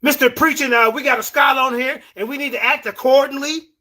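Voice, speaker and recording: A male show host runs a heated livestream debate in a very high, bright, forceful voice. His tone stays steady and his pace is quick as he scolds his guest and repeats words to keep the floor.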